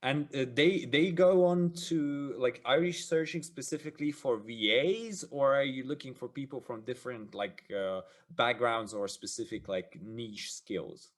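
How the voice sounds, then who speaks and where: Halting, encouraging male podcast host. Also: medium pitch. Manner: encouraging, halting, many fillers and restarts. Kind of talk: interview questions.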